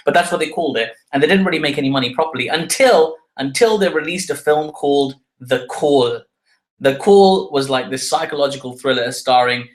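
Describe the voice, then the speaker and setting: A man's voice: mid-range voice, a bit bright, rough recording. Chatty man hosting a podcast. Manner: chatty, wry asides, self-correcting. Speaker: podcast host. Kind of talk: solo podcast commentary.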